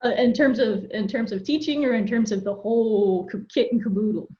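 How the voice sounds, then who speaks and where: A woman from Florida speaks as a guest professor over a video call, articulate and easygoing with quick laughs. Her voice sits mid-range, and the call audio sounds a little dull. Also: on the high side, warm tone. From Florida, United States. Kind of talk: casual video-call interview.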